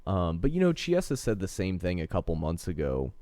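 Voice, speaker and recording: A man's voice: sits low, huge pitch swings, fairly quick, mellow, no room sound. A man in a casual podcast chat, making his arguments in long, full sentences.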